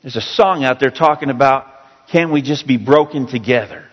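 A man preaching a sermon, reading scripture slowly and rising to pleading emphasis. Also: mid-range voice. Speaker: pastor. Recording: long reverb of a large hall.

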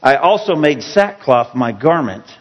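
A man preaching a sermon, reading scripture slowly and rising to pleading emphasis. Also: mid-range voice, very animated, breathy edge, muffled recording. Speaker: pastor. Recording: long reverb of a large hall.

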